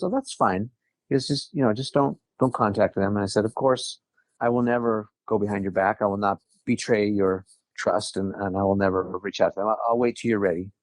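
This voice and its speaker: A Southern Californian man, guesting on a podcast, tells a personal story in casual interview style. His voice is lowish and the recording dry, and he chats easily, quoting conversations and laughing lightly now and then.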